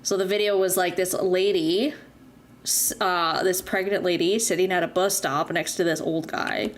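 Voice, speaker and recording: A woman's voice: fairly low pitch, steady tone, moderate pace. A young woman streaming a game, chatting casually and telling a rambling story full of fillers. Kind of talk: casual chat while gaming.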